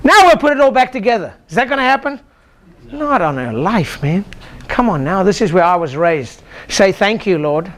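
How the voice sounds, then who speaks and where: A man's voice: high-pitched, big pitch swings, moderate pace, a bit bright. An older man, a chiropractor, giving an exclamatory motivational seminar talk and leading the audience in call-and-response chants. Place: lecture room with a live audience.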